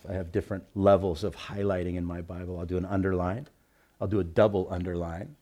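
Preaching man reading scripture aloud. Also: sits low. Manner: swings from loud scripture reading to quiet reflective asides; reads Bible passages aloud with emphasis. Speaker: pastor. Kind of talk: sermon.

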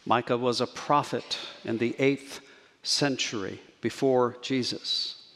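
A man preaching a sermon as pastor, measured and earnest, slowing down to stress key words. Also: mid-range voice, a bit bright, in a large hall. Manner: measured, earnest preaching with slow emphatic pauses.

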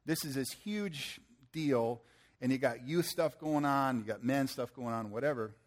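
A man's voice: mid-range voice, measured pace. A middle-aged man preaching, telling a folksy story and acting out the people in it. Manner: folksy, animated storytelling with acted-out quotes. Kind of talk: sermon storytelling.

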